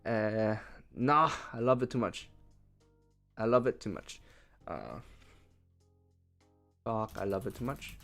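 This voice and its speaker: A man talking through a translation in a loose, casual way, his pitch bouncing up and down a lot. He thinks out loud as he works, with faint music playing softly behind him. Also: expressive, slow pace, gravelly, pauses often. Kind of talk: casual live-translation commentary.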